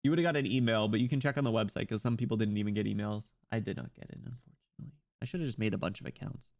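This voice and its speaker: Racing along in a fairly low, gravelly voice, a man streams a game and chats in a casual, rambling manner heavy with fillers. He also reads game dialogue, and faint music can be heard behind him.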